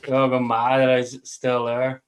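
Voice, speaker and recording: A man's voice: mid-range voice, monotone, moderate pace, rough recording. Male host, casual rambling delivery, loose and profane, on a video call. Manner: rambling, swears casually, chuckles. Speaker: livestream host. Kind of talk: casual chat.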